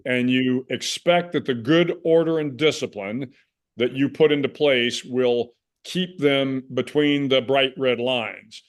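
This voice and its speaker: A man in his sixties from the United States, a guest in a conversational interview, speaking in a measured, reflective way with frequent restarts. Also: mid-range voice. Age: 60s.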